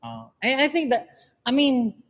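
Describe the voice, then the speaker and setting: A man's voice: extremely high pitch, huge pitch swings, a little slow, a bit bright. A man with a Filipino accent, explaining his point in a casual livestream chat and chiming in to finish others' thoughts. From Philippines. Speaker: music group member on a livestream.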